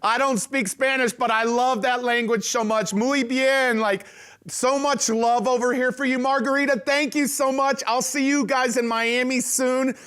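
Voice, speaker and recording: A man's voice: extremely high pitch, steady tone, moderate pace, a bit bright, smooth. A man hosting a live event, enthusiastic and encouraging toward his guest. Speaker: host.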